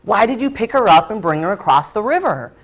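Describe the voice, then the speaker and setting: A man's voice: high voice, big pitch swings, brisk, fairly bright tone, pitched above the performer's own voice, exaggerated voice. A man voicing an eager, anxious young monk apprentice in a spoken parable, questioning his teacher insistently. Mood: pleading.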